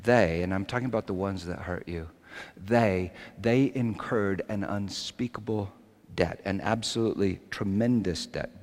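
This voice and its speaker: A man delivers an impassioned sermon in a slightly low voice. He drops to hushed tones and then builds toward fervent, raised passages. The sound carries a long reverb, as if he is recorded in a large church hall. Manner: impassioned, swings from hushed to shouting. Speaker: preacher.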